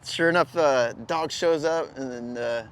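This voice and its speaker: A man's voice: a little high, a little slow, slight background noise. A man telling a story in a laid-back, slangy way, cursing often and breaking into laughs. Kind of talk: casual spoken anecdote.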